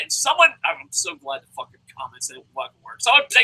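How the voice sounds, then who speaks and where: A man's voice: extremely high pitch, huge pitch swings, quick pace, vocal fry, hardly any pauses, sharp tone, husky, rough recording. A man reviewing a wrestling show, ranting heatedly, swearing constantly and mocking in his commentary. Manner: mocking, acts out impressions.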